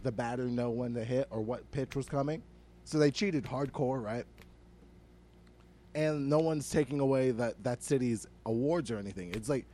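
A man's voice: mid-range voice, warm tone, a little hiss or hum. A young man co-hosting a comedy podcast, ranting animatedly with lots of swearing and filler words. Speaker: podcast co-host. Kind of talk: casual comedic podcast chat.

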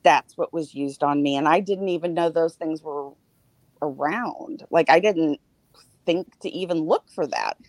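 Low-voiced middle-aged woman telling a story. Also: darkish tone, no echo. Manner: personal storytelling, halting with fillers. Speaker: podcast panelist. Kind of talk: casual chat.

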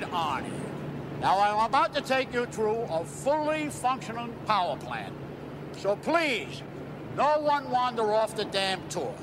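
Squeaky tour guide, swears every line, jumps all over, noisy street clip. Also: male voice, full character voice. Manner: peppers every sentence with "damn".

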